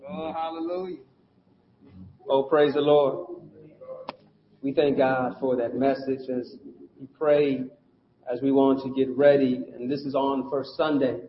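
A man's voice: mid-range voice, steady tone, unhurried, pauses often, slight background noise. A man in church responding to the sermon with fervent praise, speaking from a distance. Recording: distant, echoey church, dull sound.

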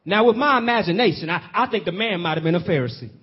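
A man's voice: high-pitched, animated, quick pace, husky. A man preaching a sermon, telling the story and stretching out key phrases, often asking the congregation questions. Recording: dull lo-fi audio.

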